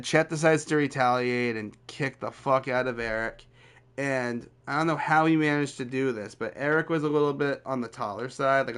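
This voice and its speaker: A man's voice: medium pitch, fairly bright tone, smooth. A young man telling a rambling story from his school days in a casual, chatty way, full of fillers and the odd swear. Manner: rambling, lots of "like" and "literally", occasional swearing.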